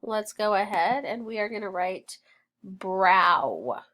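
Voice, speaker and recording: A woman teaching a phonics lesson, sounding out words slowly and encouraging her students. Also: medium pitch, steady tone. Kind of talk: slow, deliberate phonics drill.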